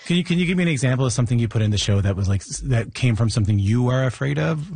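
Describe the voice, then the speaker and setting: A man interviewing a guest, asking questions with quick stammering restarts. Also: medium pitch, expressive, darkish tone, breathy edge, no echo. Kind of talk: interview host.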